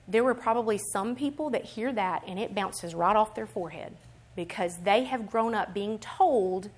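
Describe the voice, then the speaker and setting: A woman preaching a sermon in an animated, emphatic way, swinging between quiet explanation and loud, rising declarations. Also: mid-range voice, moderate pace. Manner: acts out other people's voices in quotes.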